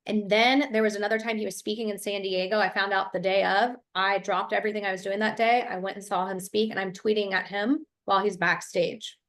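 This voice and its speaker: A woman's voice: mid-range voice, steady tone, brisk, hardly any pauses, fairly bright tone. A woman from Ohio, a business coach, telling her story in an interview over a video call with energy and fluency. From Ohio, USA.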